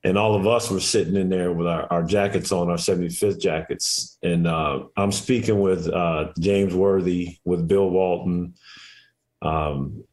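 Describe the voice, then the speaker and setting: Low voiced guy in his 40s, laid back, rambly, lots of restarts, radio interview. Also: measured pace. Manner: relaxed, rambling and reflective with many restarts. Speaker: guest, former basketball player and coach. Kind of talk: casual interview chat.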